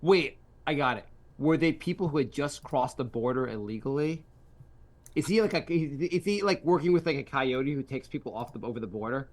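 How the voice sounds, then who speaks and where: A man co-hosting a casual comedy podcast, playful and riffing, jumping into quick bits. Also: medium pitch, lively intonation. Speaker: podcast co-host.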